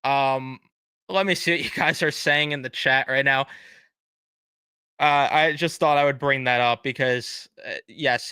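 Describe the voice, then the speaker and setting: A man's voice: medium pitch, steady tone, a little slow, sharp tone, clean tone, no echo. A young man live streaming as a fan, ranting casually with blunt swearing and sarcastic mock apologies.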